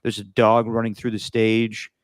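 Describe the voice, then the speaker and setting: A man co-hosting a casual sports picks chat over a video call, reading out matchups and then giving his takes in a relaxed way. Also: on the low side, normal speed, no room sound, clean studio sound. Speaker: co-host reading out games and picks.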